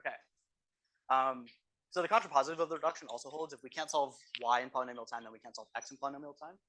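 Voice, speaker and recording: Male TA for a review session: quick delivery, bright voice, keeps asking the room "right?". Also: medium pitch. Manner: explanatory, tags statements with "right?". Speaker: course teaching assistant. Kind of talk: exam review lecture. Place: university classroom.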